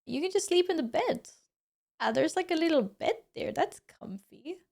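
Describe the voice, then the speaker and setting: A woman's voice: extremely high pitch, lively intonation, moderate pace, gravelly, a little mellow. A young woman streamer chatting casually with her viewers, laughing often and exclaiming as she comments on her cats.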